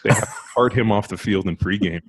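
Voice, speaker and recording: A man's voice: on the low side, a little hiss or hum. A man, a former pro football player, telling profane stories in casual podcast talk. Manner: profane, rapid storytelling.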